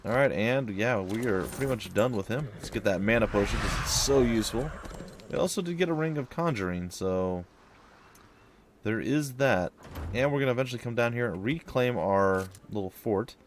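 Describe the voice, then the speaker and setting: A man's voice: lowish voice, animated, normal speed, background noise. A young man giving casual, wry commentary over a strategy game as he plays. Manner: wry, sarcastic, puts on silly voices for enemies. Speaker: let's play host.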